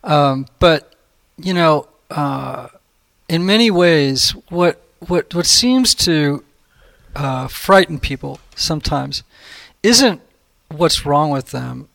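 A man's voice: on the high side, lively intonation, slow pace, gravelly, a bit bright. A man hosting a conversational podcast, encouraging and exclamatory, prone to laughing.

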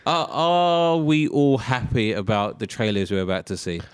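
A man's voice: mid-range voice, very animated, moderate pace, smooth, no room sound. A man hosting a casual podcast, playful and jokey, often laughing. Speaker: podcast host. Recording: music playing behind.

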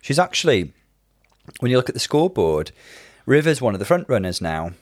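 A man co-hosting a casual chat, analytical and measured, laying out his points in detail. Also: medium pitch, big pitch swings, no echo, clean studio sound. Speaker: podcast co-host.

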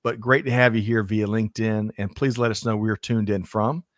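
This livestream co-host, a man on a business show, reads viewer names aloud and jokes around with lots of energy. He has a fairly low, fairly quick voice, and the sound is clean studio audio with no echo.

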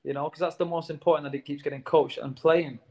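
A former footballer talking casually in an interview, earnest and warm toward the players, tacking "mate" onto his sentences. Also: a little high, steady tone, fast. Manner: earnest, says "mate" a lot.

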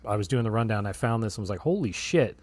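A man's voice: fairly low pitch, flat delivery, racing, no room sound. A man filling in as podcast co-host, making dry, wry jokes in casual chat.

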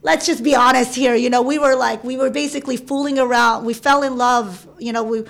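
A woman in her thirties telling a personal story in casual chat, animated, acting out the voices of people she quotes. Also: on the high side, a little fast, gravelly. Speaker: interview guest. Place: San Francisco.

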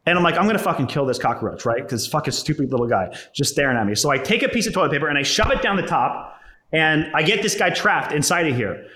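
A young man with a slightly high-pitched voice tells his personal story bluntly, swearing freely and filling his speech with casual asides. The sound is roomy, with a noticeable echo. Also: sing-song, fast talker, pushed and bright. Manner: profane, blunt, conversational, peppered with "like" and "right?". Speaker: entrepreneur telling his story.

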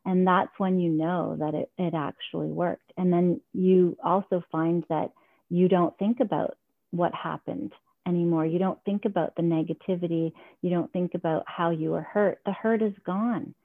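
A woman's voice: on the low side, fairly even intonation, moderate pace, gravelly, dry recording. Earnest woman on a tinny line. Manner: earnest, reflective, heartfelt. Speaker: guest. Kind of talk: personal storytelling in an interview. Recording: tinny phone-line sound, dry.

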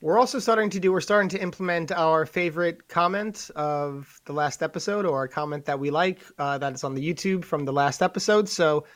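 A man's voice: a little high, a little fast, few pauses, no room sound. Hyped man with a New York accent. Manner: energetic, hyped-up promo delivery. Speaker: podcast co-host. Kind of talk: casual podcast chat.

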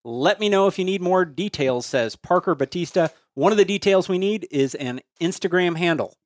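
A podcast co-host with a fairly high voice and lively intonation reads out listeners' sale listings in a casual show, slowing to spell handles letter by letter. He's close on a studio mic, and the sound is dry and tight with no room sound.

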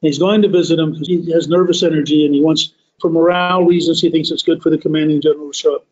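A man's voice: on the high side, steady tone, quick pace, a little mellow. A man lecturing on history, retelling events as a vivid, emphatic story. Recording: dull lo-fi recording.

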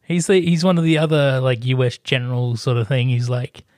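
A man's voice: mid-range voice, a little fast, a little mellow, no echo, clean studio sound. A man chatting casually about films and actors, hesitant and full of small fillers. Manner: hesitant, many fillers, trivia-minded. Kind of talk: casual film chat.

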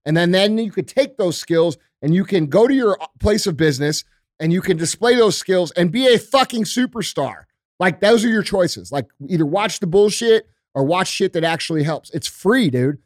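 A man's voice: sits high, lively intonation, normal speed, no room sound, studio quality. A middle-aged man on a podcast, talking in a blunt, emphatic, profanity-heavy rant. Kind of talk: casual podcast chat.

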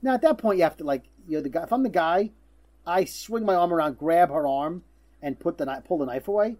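Mellow-voiced man recapping TV casually. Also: fairly high pitch, expressive, brisk. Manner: loose, chatty, swears casually. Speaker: podcast co-host.

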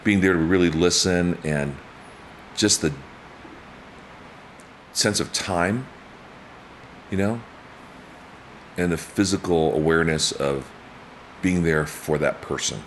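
A guest in his fifties speaks slowly with long pauses during a casual chat, animatedly telling stories, acting out quotes with wide pitch jumps, and laughing often. A little hiss or hum runs in the background.

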